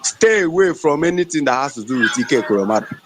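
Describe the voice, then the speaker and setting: A man giving a fiery, defiant speech in a live audio discussion, repeating himself and at times shouting, recorded on a phone. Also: fairly high pitch, animated, fast, background noise. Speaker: activist speaker. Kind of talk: impassioned live-audio rant.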